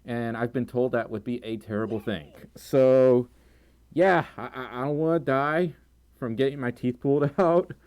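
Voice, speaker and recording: A man hosting a casual livestream, excitable and giggly, breaking into sudden high squeals. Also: normal speed. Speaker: livestream host.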